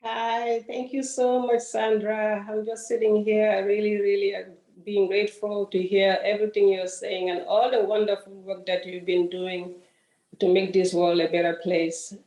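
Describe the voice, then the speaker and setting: A woman's voice: mid-range voice, little pitch movement, moderate pace, warm tone. A woman from Gambia shares her story in a grateful, hesitant way, frequently restarting her sentences. Her voice comes through a video call with a noticeably echoey room around her. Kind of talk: personal story in a group session.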